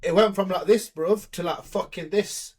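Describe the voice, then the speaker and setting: A man's voice: high voice, fairly even intonation, normal speed, a crowd in the background. A young man, a bodybuilding coach, telling stories in a casual podcast chat, swearing often and acting out both sides of his conversations.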